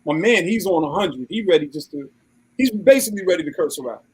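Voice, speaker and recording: Husky animated man telling a story. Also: high-pitched, quick pace, low-quality recording. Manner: animated, acts out quoted voices. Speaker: podcast co-host. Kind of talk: casual chat, storytelling.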